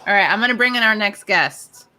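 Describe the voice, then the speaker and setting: A woman's voice: medium pitch, fairly quick, pushed and bright. A woman hosting a live online talk show, chatting casually and laughing often. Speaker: host. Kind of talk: casual live-stream chat.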